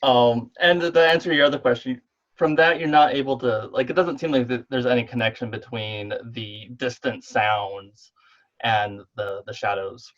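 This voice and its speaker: A man running a tabletop role-playing game over the internet, describing the scene with many pauses and fillers. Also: medium pitch, steady tone, fairly bright tone. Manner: hesitant, many ums. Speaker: game master. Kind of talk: narrating a tabletop game online. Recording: dull online call audio.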